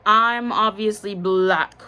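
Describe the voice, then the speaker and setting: A woman's voice: medium pitch, steady tone, slow pace, pushed and bright, clean tone. A young woman from the Bahamas, telling a candid, slangy storytime about a past relationship. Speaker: vlogger. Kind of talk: storytime vlog.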